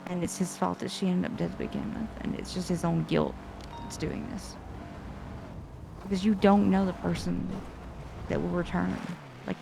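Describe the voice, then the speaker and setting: A woman's voice: on the low side, little pitch movement, normal speed, creaky, noisy background. A woman in a roleplay scene, venting in an upset way and swearing. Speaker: roleplay character. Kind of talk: in-character roleplay chat.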